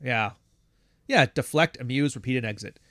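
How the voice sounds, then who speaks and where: He speaks at a moderate pace in a medium-pitched, fairly bright voice, recorded cleanly in a studio with no echo. Reading super chats on his casual livestream, he answers bluntly and profanely, rambling and acting out others' voices.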